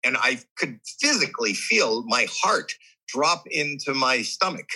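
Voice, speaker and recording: A middle-aged man recounts a hard personal story as a podcast guest, animated and acting out the people in it. His voice is husky, with a sharp, forceful edge. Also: mid-range voice, a little slow, low-quality recording. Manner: animated, acts out quoted voices. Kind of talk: candid storytelling.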